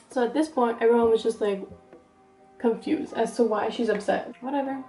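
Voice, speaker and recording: Brief: young woman vlogger, gossipy storyteller, warm tone, lots of "like". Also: on the high side, a little fast, reverberant, faint music behind. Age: young adult. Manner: animated, gossipy, fills speech with "like". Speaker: beauty vlogger. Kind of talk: storytime get-ready-with-me chat.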